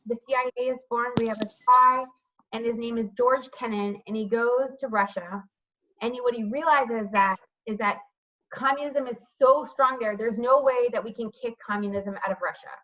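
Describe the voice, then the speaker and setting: Speaking at a moderate pace in a slightly high voice, a woman teaches history over a video call. She asks students questions by name and checks with "right?", and the computer-mic sound is lo-fi.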